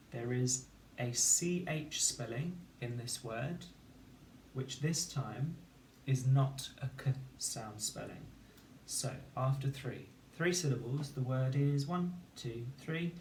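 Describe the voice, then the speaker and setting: Slow, distant male teacher sounding out words. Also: medium pitch, darkish tone, slight background noise. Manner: slow, clear sounding-out of syllables. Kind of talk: phonics lesson for children. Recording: roomy echo, distant mic, faint ambience.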